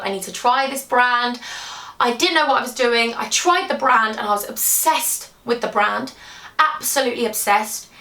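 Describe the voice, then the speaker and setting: A young British woman talks in a gushing, teary rush, her voice sitting a little high. She sounds breathless with excitement as she vlogs. The room is echoey and she is heard from some distance away. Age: 20s. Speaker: beauty YouTuber. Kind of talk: emotional vlog announcement. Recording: roomy, from a distance.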